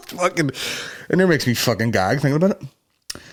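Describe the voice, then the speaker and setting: A man's voice: on the high side, huge pitch swings, a little slow, pauses often. Crude rambling male podcast host. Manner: rambling, crude, swears constantly. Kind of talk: casual comedy rant.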